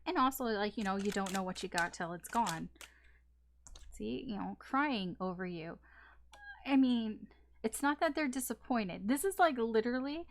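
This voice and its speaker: A woman's voice: mid-range voice, animated, measured pace. A woman giving a casual tarot reading, talking in a chatty, rambling way with many fillers and restarts and the odd swear word. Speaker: tarot reader.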